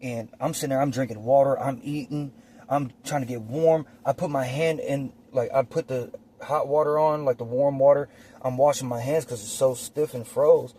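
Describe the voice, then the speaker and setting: A man telling a personal story casually, outdoors on his phone, animated and profane, acting out the scenes as he goes. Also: medium pitch, moderate pace, slight background noise. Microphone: phone or camera.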